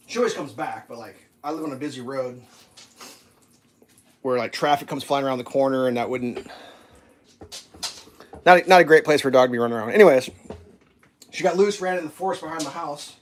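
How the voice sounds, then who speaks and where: A man's voice: mid-range voice, fairly quick, pauses often, slight background noise. A man chatting casually while cooking breakfast at home, rambling through stories and laughing at them.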